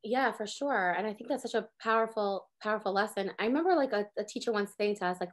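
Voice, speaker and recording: A woman in her thirties teaching a casual Torah class, animated and acting out exasperated prayers as she talks. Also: a little high, racing.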